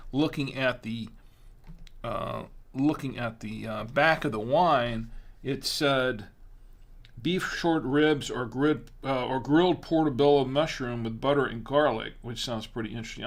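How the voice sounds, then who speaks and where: Halting middle-aged man tasting wine. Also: mid-range voice. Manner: halting, restarts a lot while tasting; talks while chewing. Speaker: wine show host. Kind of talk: casual wine tasting chat.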